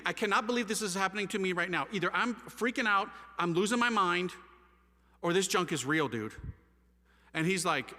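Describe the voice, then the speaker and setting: A man with a bright, fairly high voice tells his story with lively energy, slipping into casual slang as he acts out both sides of a conversation. His voice rings with the long reverb of a large hall. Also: a little fast. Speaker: speaker giving his testimony. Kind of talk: animated storytelling talk.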